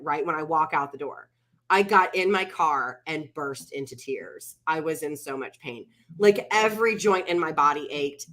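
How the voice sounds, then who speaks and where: A woman's voice: on the low side, pushed and bright. A middle-aged woman co-hosting a casual chat show, telling a story with animation and acting out what people said. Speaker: podcast co-host.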